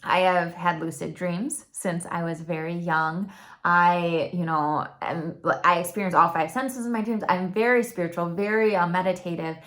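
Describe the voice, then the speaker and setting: Her pitch sits fairly low, her pace is moderate, and her tone is a bit bright. This YouTube host, a young adult woman with a Michigan accent, shares a reflective monologue on her faith, sounding earnest and chatty as she talks.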